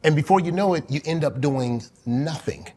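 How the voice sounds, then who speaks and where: A man's voice: on the high side, animated, moderate pace, warm tone, a little hiss or hum. A man hosting a podcast interview, talking in a casual, candid, slangy way. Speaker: podcast host.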